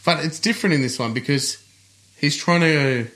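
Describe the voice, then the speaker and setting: A man's voice: a little high, fairly bright tone. Chatty teasing man. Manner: chatty, teasing, quick to laugh. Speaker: podcast co-host. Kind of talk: casual chat.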